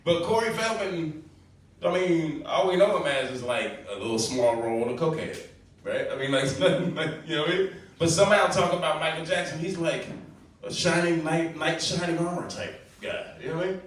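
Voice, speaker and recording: At an open mic in a small comedy club, a man with a fairly high, lively voice works the crowd through a loose stand-up set at a normal pace, often laughing at his own jokes. The recording is faint and distant, with room echo and a light hiss.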